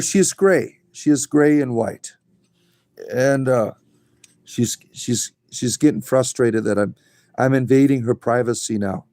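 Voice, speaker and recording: A man's voice: mid-range voice, darkish tone. A man hosting a casual livestream from home on his phone, rambling to his pet rabbits and answering the chat. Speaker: livestream host.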